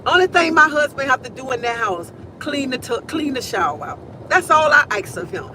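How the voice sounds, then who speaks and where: A woman's voice: high-pitched, big pitch swings, normal speed, sharp tone, a little hiss or hum, low-quality recording. A woman in her forties hosting a live stream from her car, talking casually and emphatically and repeating phrases for stress, picked up on a phone.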